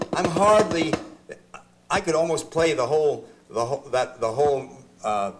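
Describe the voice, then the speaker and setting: An older man teaching drum technique, talking in a chatty, halting way with restarts as he demonstrates. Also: mid-range voice, background noise. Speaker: drum instructor. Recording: drums heard in the room. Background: drum strokes between phrases.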